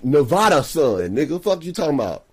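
A man's voice: a little high, very animated, brisk, crowd noise. A man in casual crude banter as a podcast co-host, boisterous and slangy.

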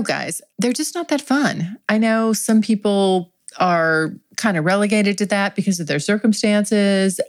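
A woman's voice: medium pitch, dry recording. Woman, podcast host, candid chatty monologue, frequent laughs, dry close sound. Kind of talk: frank solo podcast monologue.

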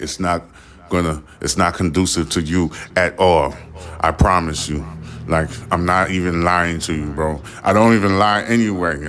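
A man's voice: sits low, fairly bright tone. A man from the Caribbean with family from Haiti, giving a blunt, profane podcast commentary as host.

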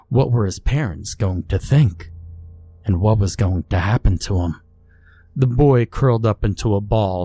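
A man narrating a scripted horror story in a slow, measured, brooding way. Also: on the low side, warm tone.

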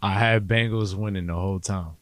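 A man's voice: fairly low pitch, steady tone, fairly quick, slight background noise. A man giving a confident prediction in casual chat, from away from the mic.

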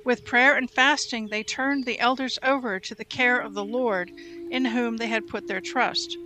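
A woman reading Bible passages aloud in a steady, measured way. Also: on the high side. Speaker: Bible reader. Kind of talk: scripted scripture reading.

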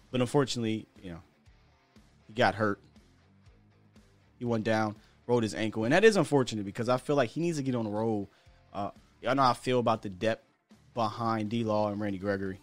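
A man from the United States hosts a sports podcast, offering casual sports commentary in a candid, chatty style full of slang and the occasional chuckle. His voice is on the low side, with no room sound.

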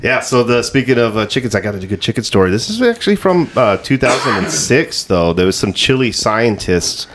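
A man's voice: medium pitch, sing-song, a crowd in the background. A man co-hosting a podcast in casual, profane chat, joking with his friends. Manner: loose, profane, quick to joke. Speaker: podcast co-host.

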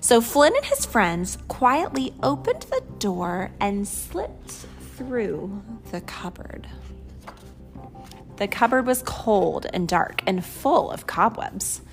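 A woman reading a picture book aloud, slow and expressive, voicing each character. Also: medium pitch, soft background music. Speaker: storyteller.

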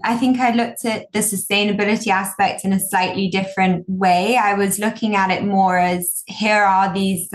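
A woman's voice: medium pitch, steady tone, normal speed, few pauses. A young woman speaking in an interview, talking in long rambling sentences about her design partner. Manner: rambling, full of fillers and restarts. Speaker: designer, guest. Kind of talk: casual interview chat.

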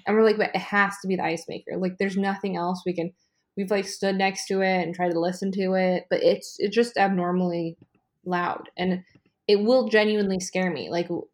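Excitable swearing woman podcast host. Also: fairly low pitch. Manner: swears freely, excitable and rambling. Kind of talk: casual chat. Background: ice maker noise from a fridge.

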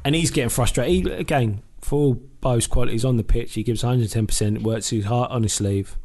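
A former footballer from England, a podcast guest telling a story in casual chat, animated and swearing freely as he acts out what was said. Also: medium pitch, a little fast.

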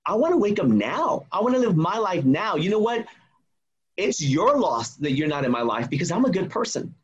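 Husky man in his forties, earnest. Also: high-pitched, very animated, normal speed, lo-fi sound. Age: 40s. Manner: earnest storytelling, emphatic. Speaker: guest, memoir author. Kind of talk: casual podcast conversation.

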